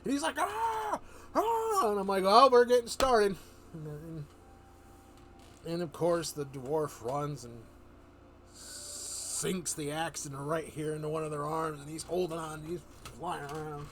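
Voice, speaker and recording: A man streaming live, telling a fantasy adventure story in a rambling, animated way, full of fillers and restarts. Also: a little high, measured pace, a little hiss or hum.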